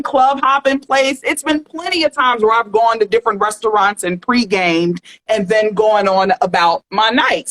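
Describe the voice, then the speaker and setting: A woman's voice: on the high side, low-quality recording. Sassy woman podcast host. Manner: sassy, animated, slangy. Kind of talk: casual pop culture chat.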